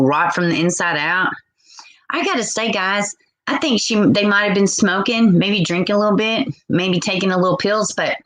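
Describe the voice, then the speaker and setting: A woman's voice: medium pitch, a bit bright, low-quality recording. A woman in her forties hosting a live call-in stream, blunt and outspoken as she reads viewer comments aloud. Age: 40s. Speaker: livestream host.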